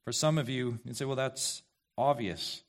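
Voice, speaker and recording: A man's voice: medium pitch, moderate pace. A male pastor preaching an expository sermon, emphatic and questioning, repeating key phrases to the congregation.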